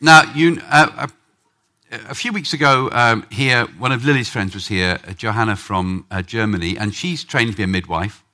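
A man preaching a sermon in church, animated, acting out prayers with big swings in pitch and loudness. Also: moderate pace.

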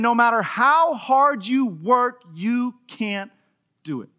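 A middle-aged male pastor with a high, bright voice delivers a sermon to his congregation. He tells lively stories with a joking edge, swinging his pitch up when he acts out other characters. The tone is animated and conversational. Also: slow pace. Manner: animated storytelling with playful humor, acting out quotes. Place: church in front of a live congregation.

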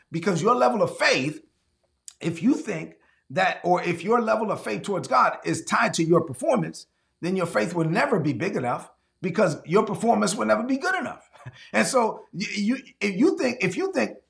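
Male pastor, sermon delivery, high voice with wide swings, animated, gravelly. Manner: animated, acts out quoted voices, repeats words.

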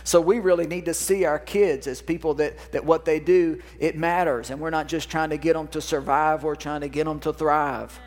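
A man's voice: a little high, fairly even intonation, moderate pace, hardly any pauses. A pastor preaching a sermon to his congregation, folksy and repetitive, calling for responses from the crowd. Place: church sanctuary. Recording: long reverb of a church hall.

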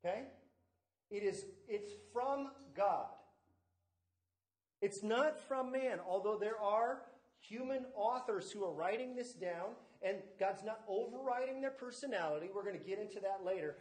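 Male pastor, high voice, sermon in an echoey church hall, stresses key words. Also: unhurried, darkish tone. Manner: teaching with stress on key words and asides to the congregation. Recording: echoey room.

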